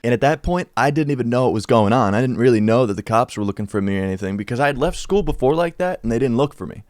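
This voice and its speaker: A young man casually telling a story from his school days over gameplay, slangy and animated, acting out what people said. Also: fast talker, dry recording, clean studio sound. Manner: animated, slangy, acts out quotes with shifting pitch. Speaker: YouTuber telling a life story.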